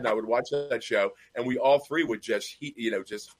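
A man's voice: medium pitch, brisk, few pauses, fairly bright tone, low-quality recording. A man in his fifties chatting and telling stories with jokes over a video call. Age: 50s. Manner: storytelling, joking. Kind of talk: casual chat.

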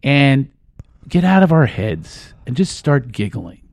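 A middle-aged man as a talk-show guest, calmly guiding listeners through a laughter and breathing exercise and often breaking into giggles. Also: medium pitch, slow pace, no room sound. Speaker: guest, laughter and life coach.

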